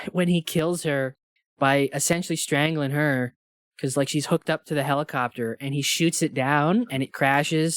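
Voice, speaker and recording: A man co-hosting a podcast in casual chat, talking animatedly and jumping high when he voices his own thoughts. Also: no echo, clean studio sound. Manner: animated, rising into high-pitched asides. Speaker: podcast co-host.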